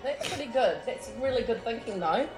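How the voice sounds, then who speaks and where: Gentle encouraging woman interviewer. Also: fairly high pitch, animated, brisk, reverberant, music in the background. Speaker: interviewer speaking to a child.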